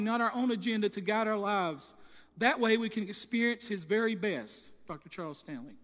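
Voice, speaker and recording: A high-pitched man preaching with fervour in a church sanctuary, his voice trailing off into a long reverb from the hall around him. He often trips over and restarts his phrases. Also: fairly bright tone. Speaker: pastor. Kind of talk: sermon.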